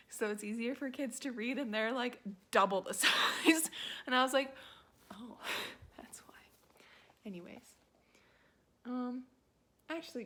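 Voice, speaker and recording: A woman in her twenties, a book vlogger rambling in casual chat, filling her talk with "like" and dropping into quiet asides. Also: medium pitch. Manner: rambling, heavy use of "like", quiet muttered asides.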